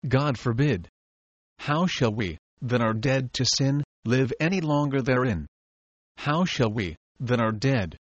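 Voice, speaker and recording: A man's voice: mid-range voice, dry recording. Man reading old devotional prose. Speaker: audiobook reader. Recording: dull, dry, slightly muffled audio.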